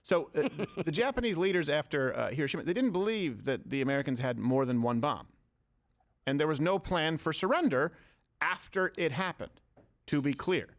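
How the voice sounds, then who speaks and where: A man's voice: a little high, animated, normal speed. A man hosting a political talk show, arguing his points and cracking jokes with co-hosts. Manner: argumentative, joking, reads quotes aloud. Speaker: show host.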